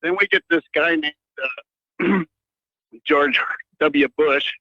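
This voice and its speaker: A man's voice: fairly high pitch, slow pace, bright, forceful tone, no room sound. A man calling in to a radio show, rambling with many fillers and restarts. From United States. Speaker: caller. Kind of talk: rambling call-in rant. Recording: muffled phone line into radio.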